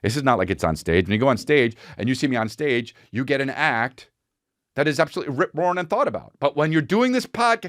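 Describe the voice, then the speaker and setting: With a medium-pitched, fairly bright voice, an animated, fast-talking man hosts his own podcast. His casual comedic monologue is full of rambling, profane stories and imitated voices and sounds, recorded at studio quality with no echo.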